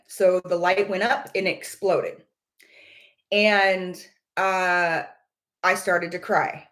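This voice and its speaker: A woman's voice: fairly low pitch, fairly even intonation, drawn-out words, fairly bright tone. A woman casually telling viewers about a personal experience. She speaks earnestly, searches for words and repeats phrases as she goes. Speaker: vlogger.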